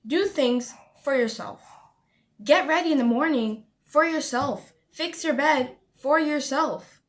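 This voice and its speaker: Brief: woman vlogger, high voice, emphatic motivational talk to camera, lots of repetition and "honey". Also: takes it slowly. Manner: emphatic, repeats lines, calls listener honey.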